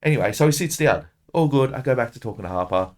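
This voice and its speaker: Swearing Australian bloke telling stories. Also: male voice, mid-range voice, quick pace. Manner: profane, animated, swears constantly. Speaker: podcast guest. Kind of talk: casual storytelling chat.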